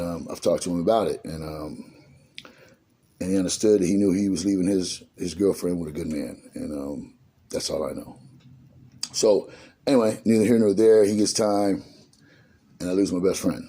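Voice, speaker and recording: A man's voice: sits low, dark tone, husky. A middle-aged man telling his own life story in casual street slang, acting out the dialogue as he goes.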